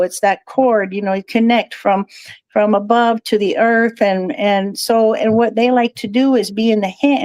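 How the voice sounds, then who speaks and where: A woman's voice: mid-range voice, a little mellow, dry recording. A woman guest talking in a chatty, digressive way and laughing often. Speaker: guest, crystal shop owner. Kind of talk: casual interview chat.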